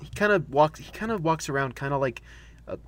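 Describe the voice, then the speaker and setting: A man co-hosting a casual podcast chat, animated and laughing often, slipping into playful quoted voices. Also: on the high side, brisk. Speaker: podcast co-host.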